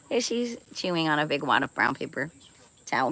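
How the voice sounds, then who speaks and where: Woman streamer at home, lively pitch, bright tone, giggly, chatty with chat. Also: normal speed, long pauses, poor audio. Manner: chatty and playful, laughs often, reads and answers viewer comments; swears casually. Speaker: live streamer. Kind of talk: casual live-stream chat.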